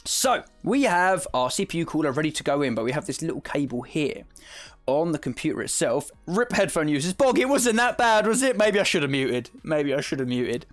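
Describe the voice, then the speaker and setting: Speaking a little fast in a slightly high voice with big pitch swings, this southern English man with an Essex accent chats casually on a live stream. He explains a task, reads the chat aloud and laughs often, with faint music playing behind him.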